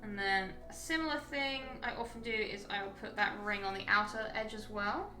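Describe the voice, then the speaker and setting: A woman's voice: mid-range voice, fairly quick, echoey room, over music. A woman chatting casually and thinking aloud as she walks viewers through a live painting stream. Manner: chatty, thinking aloud while working, frequent ums.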